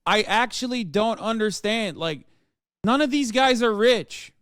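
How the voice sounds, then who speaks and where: A man's voice: high-pitched, animated, unhurried, a bit bright, clear, resonant tone, no echo, clean studio sound. A man streaming a reaction to videos, talking in a casual, incredulous and profane way, mocking what he sees.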